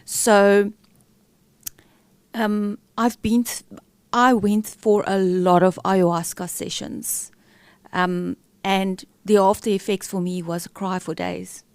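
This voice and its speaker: A woman's voice: mid-range voice, fairly even intonation, slow, clear, resonant tone, no room sound. Woman telling a candid, emotional story. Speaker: guest. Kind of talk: personal story in a podcast interview.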